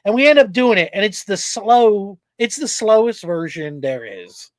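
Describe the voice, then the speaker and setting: A man's voice: high voice, moderate pace, dry recording. A man hosting a casual podcast, telling a story with lots of energy and plenty of swearing. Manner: animated storyteller, swears freely. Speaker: podcast host. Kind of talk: casual chat.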